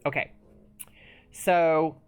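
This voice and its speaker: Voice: medium pitch, fairly even intonation, extremely slow, smooth. A gaming streamer chatting casually while playing, thinking aloud and sometimes mumbling. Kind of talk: casual live-stream commentary.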